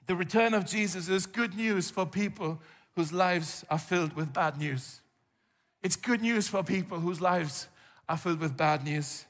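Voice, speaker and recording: A man preaching a conversational sermon as a pastor, animated, with frequent rhetorical questions to the congregation. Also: high voice, a little slow, in a large hall. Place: church hall.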